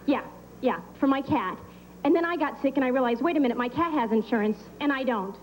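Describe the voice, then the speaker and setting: A woman performing a stand-up comedy set, delivering deadpan one-liners with pauses for laughs on a club stage. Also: sits high, a little hiss or hum, rough recording. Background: audience laughter.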